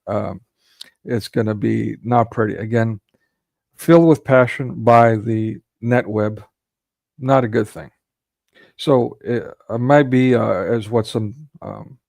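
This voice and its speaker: Gravelly guy ranting at clips, indignant, lots of rhetorical questions, dry close sound. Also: medium pitch, darkish tone, dry recording. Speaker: commentary channel host reacting to clips. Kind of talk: heated commentary monologue.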